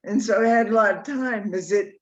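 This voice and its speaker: A woman sharing her spiritual reflections in a study group, halting and thoughtful, over a video call. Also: medium pitch. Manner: halting, thoughtful, pauses often. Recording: dull lo-fi call audio.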